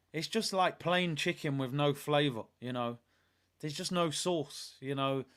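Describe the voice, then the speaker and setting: A young man hosting a live football watch-along, talking in excitable, slangy banter as he reacts to the match. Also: on the high side.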